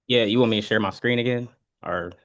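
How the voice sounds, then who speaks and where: A man's voice: lowish voice, quick pace. A man practicing a sales opener on a video call, hesitant and often starting over. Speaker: sales trainee.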